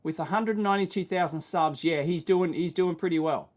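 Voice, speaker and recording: A man with an Australian accent and a nasal, whiny voice, hosting a casual livestream chat, rambling and self-deprecating, often tagging sentences with "right?" and clearing his throat. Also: fairly high pitch, a little fast, darkish tone. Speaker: livestream host.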